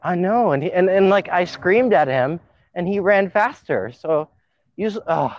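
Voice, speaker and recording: A man hosting a casual podcast, excitable and swearing freely, often trailing off mid-sentence. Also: high-pitched, normal speed, dry recording. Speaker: podcast host. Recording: dull dry lo-fi sound.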